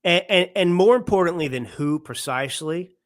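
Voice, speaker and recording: A man's voice: high voice, lively intonation, normal speed. A man in his thirties or forties hosting a political commentary show, talking in a heated, emphatic way and often repeating himself. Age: 30s to 40s. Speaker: host.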